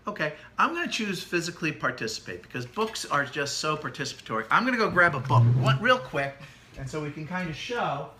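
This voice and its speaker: A middle-aged man co-hosting a casual parenting chat, animated and demonstrative as he explains. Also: on the high side, a little fast, noisy background. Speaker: co-host, parent.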